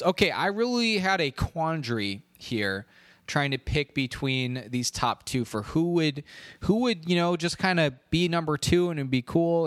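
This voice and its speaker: A man hosts a casual solo podcast countdown, rambling and playful, then building up excitement for the big reveals. His voice sits at a middle pitch. It is recorded close up and dry, with no room sound behind it. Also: dry recording. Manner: playful, rambling, with hyped-up announcements. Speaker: podcast host.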